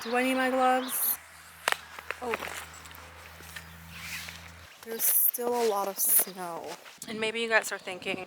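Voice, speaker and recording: A woman's voice: on the high side, background noise. A woman vlogger chatting casually and upbeat to her viewers, calling them guys, while out on a walking trail. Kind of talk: casual vlog chat. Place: outdoors on a trail.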